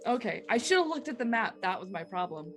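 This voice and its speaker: A woman's voice: medium pitch, very animated, fast talker, slight background noise. A woman who is not a native English speaker, playing a tabletop game in casual chat, laughing often and stumbling over names. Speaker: player.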